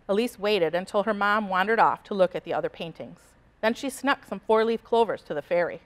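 A woman reading a picture book aloud to children in an expressive, animated storytelling voice. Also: mid-range voice, brisk. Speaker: storybook reader.

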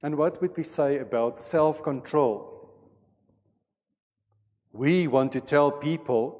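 A man preaching a sermon as pastor, with a measured and deliberate delivery in a church sanctuary. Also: a little high, a little mellow. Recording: long reverb of a church hall.

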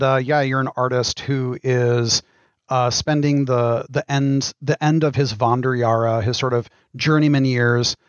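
A middle-aged man, a game designer, answering interview questions in a thoughtful, halting way with frequent ums. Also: mid-range voice, dry recording, highs cut off. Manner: thoughtful, pauses with many ums. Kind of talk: casual podcast interview.

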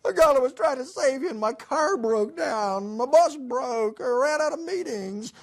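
A sulky, self-pitying prophet whines and shouts his complaints, as a man acts him out. The voice runs much higher than the teller's own, strained and loud. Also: lively intonation, normal speed, heavily acted. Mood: complaining.

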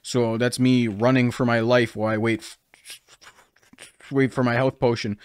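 A man's voice: medium pitch, level tone, moderate pace, long pauses, darkish tone, faint music behind. A young man giving casual, rambling, jokey commentary while playing a video game. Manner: rambling, jokey, self-mocking. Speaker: gaming video creator.

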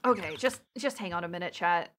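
A young woman streamer chatting casually over a game she is playing, animated and quick to laugh. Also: lowish voice, slight background noise.

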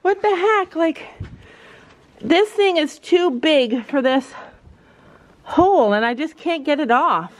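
High-voiced chatty woman outdoors. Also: expressive, slow pace, long pauses. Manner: chatty, laughs often, coos in baby talk to animals. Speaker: mom vlogger. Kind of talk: casual vlog chat. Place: outdoors at a horse barn.

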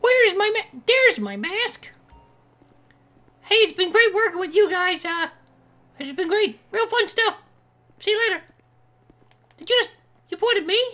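A shrill, sky-high voice for a manic man in a hazmat suit, put on by a gameplay video maker. He chatters about himself in the third person, flipping from giddy cheer to sudden outrage. The tone is bright and cutting, a comic game role-play. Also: sing-song, a little slow, long pauses, full character voice. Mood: goofy. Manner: refers to himself in third person, erratic swings between glee and rage. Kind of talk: comedic role-play over online gameplay.

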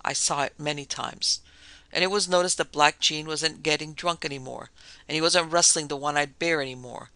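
Gravelly bright-voiced male storyteller. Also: on the high side, steady tone, no room sound, low-quality recording. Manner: storytelling, measured, dramatic dips. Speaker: narrator. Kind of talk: scripted narration of a spooky tale.

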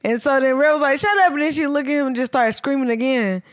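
Woman co-host telling a story, higher voice, acts out what people said, dry close mic. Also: fairly even intonation, fast talker, no echo. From American South. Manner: storytelling, acts out quotes in a raised voice. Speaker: podcast co-host. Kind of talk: casual chat.

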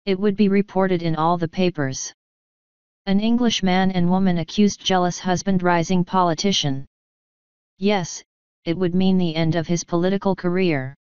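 A woman reading an audiobook in a measured, even narration. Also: fairly low pitch, smooth, no room sound, muffled recording. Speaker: audiobook reader.

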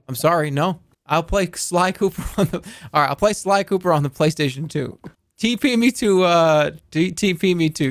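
A man streaming a game, chatting casually and joking as he reacts out loud to what happens. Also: fairly high pitch, dry recording, clean studio sound. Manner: playful, jokey, reacts out loud, swears. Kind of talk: casual live-stream gameplay commentary.

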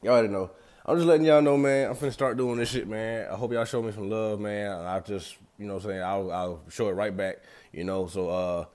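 Young guy vlogging, low voice, slangy and cussing a lot, just talking to the camera. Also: fairly even intonation, brisk, darkish tone. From Atlanta, USA. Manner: loose, slangy and profane, talks straight to viewers. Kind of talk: casual rambling vlog.

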